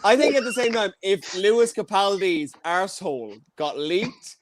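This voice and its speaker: A man's voice: high-pitched, moderate pace, over a noisy crowd. A man with an Irish accent hosting a comedy podcast, bantering crudely and stumbling over his words. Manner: stammering, crude teasing. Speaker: podcast host.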